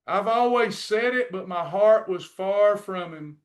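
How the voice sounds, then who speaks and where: High-pitched guy preaching diet rules to his class, faith stuff mixed in, keeps repeating himself. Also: measured pace, hardly any pauses. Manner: preachy, repetitive, encouraging. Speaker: weight-loss program coach. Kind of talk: faith-based nutrition lesson.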